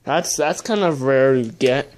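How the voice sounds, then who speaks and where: A young adult talks slowly and unhurriedly through a pack-opening video, mumbling half to themself. Frustration keeps spilling out as swearing between remarks about each card. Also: mid-range voice, a little mellow. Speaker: video host opening trading card packs. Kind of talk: casual unboxing commentary.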